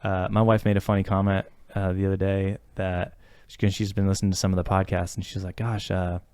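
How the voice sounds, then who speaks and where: A man's voice: low voice, little pitch movement, a little fast, darkish tone, smooth, no room sound. Earnest rambling male podcaster. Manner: rambling, many fillers and restarts; earnest and reflective. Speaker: podcast co-host. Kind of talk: casual podcast conversation.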